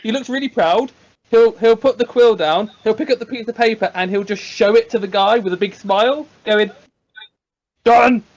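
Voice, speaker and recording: A man's voice: high-pitched, a little fast, hardly any pauses, a little mellow, muffled recording. A man playing a tabletop game, playfully describing his character's actions. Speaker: player. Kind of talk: casual tabletop play.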